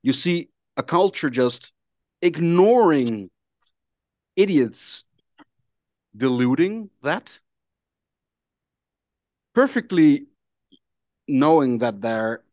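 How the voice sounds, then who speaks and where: A podcast guest who starts haltingly, stumbling over fillers and repeated words. He then settles into steady lists of points. The recording is dry and close, with no room sound. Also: on the high side, no room sound. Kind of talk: podcast discussion.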